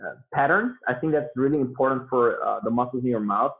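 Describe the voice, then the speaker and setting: A man of middling pitch speaks as a guest over a remote call. His talk rambles with loose fillers and restarts, and the sound is thin and phone-like. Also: brisk, vocal fry. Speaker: guest beatboxer. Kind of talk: casual interview talk. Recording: tinny phone-like line.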